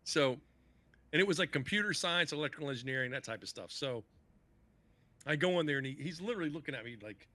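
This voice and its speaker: Male podcast guest, crisp forward tone, dry close sound, salty casual storyteller who acts out quotes. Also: on the high side, lively intonation, fast, sharp tone, dry recording. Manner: profane, acts out other people's lines.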